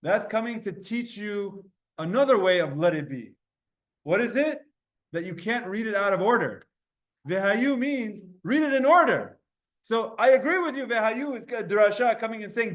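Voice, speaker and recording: A man teaching a Talmud class, explaining in quick bursts, quizzing his students and restarting his sentences often. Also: sits high, expressive.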